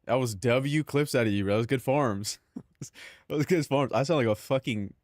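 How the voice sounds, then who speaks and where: A man's voice: medium pitch, moderate pace, a little mellow, no echo, studio quality. A young man streaming live, rambling casually to his chat and himself, swearing freely.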